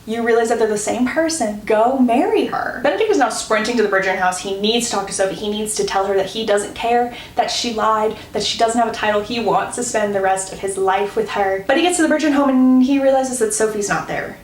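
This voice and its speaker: A woman's voice: a little high, a little hiss or hum. A young woman chattily recapping a TV plot with gossipy flair, acting out the quotes. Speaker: book and TV recap creator. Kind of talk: casual plot recap narration. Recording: roomy echo, distant from mic.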